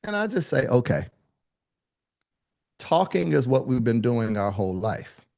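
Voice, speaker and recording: A man teaching a live online speaking workshop, with lively, colloquial, high-energy delivery, calling on attendees by name. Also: a little slow, creaky. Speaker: speaking coach.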